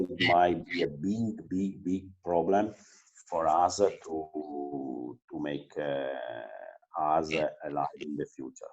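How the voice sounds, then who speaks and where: Team principal type, man, mellow tone, speaks earnestly with frequent hesitations. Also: very deep voice, lo-fi sound. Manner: earnest, halting, many filler pauses. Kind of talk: remote interview answers.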